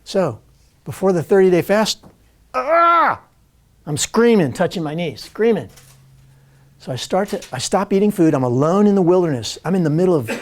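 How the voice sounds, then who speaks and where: A man telling a personal story to a live audience, animated and laughing, acting out other people's lines as he goes. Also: a little high. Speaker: spiritual speaker.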